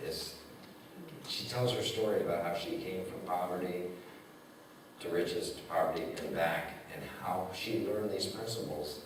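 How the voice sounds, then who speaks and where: A man's voice: low-pitched, normal speed. A man making casual, joking church announcements, recorded from a distance in a large sanctuary. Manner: relaxed, joking banter. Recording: echoey sanctuary from far off, noisy.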